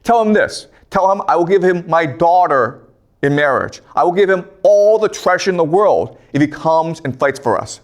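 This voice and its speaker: A man's voice: fairly high pitch, lively intonation, moderate pace, natural voice. A man playing a curt army commander. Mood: grudging. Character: stubborn male army commander.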